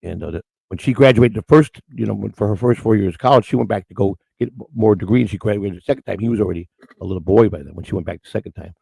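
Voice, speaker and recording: Older guy hosting a morning show, gravelly low voice, talks fast, dry close sound. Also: mellow, no room sound. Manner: rambling storyteller with many restarts. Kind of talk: casual rambling chat.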